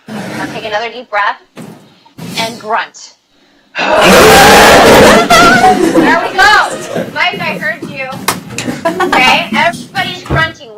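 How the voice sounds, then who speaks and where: A woman teaching a nursing class, full of energy, coaxing her students through breathing drills. Her voice sits a little high. Heavy background noise runs under the whole lecture-hall recording. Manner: energetic, coaxing, leads group exercises. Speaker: nursing instructor.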